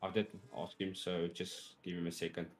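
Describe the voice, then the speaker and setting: A man's voice: deep voice, monotone, moderate pace, a little hiss or hum. A man from Africa, co-commentating a sim race live, joking, laughing easily and often repeating himself. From South Africa.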